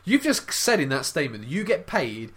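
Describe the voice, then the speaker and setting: A man's voice: on the high side, sing-song, brisk, a bit bright. A young man co-hosting a podcast, rambling through crude comedic banter and laughing often. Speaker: podcast co-host.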